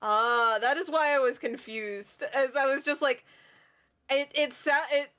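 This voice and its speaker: A woman's voice: high-pitched, measured pace, a bit bright. A woman chatting casually while streaming a game, often restarting her sentences and laughing easily. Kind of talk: casual gaming stream chat.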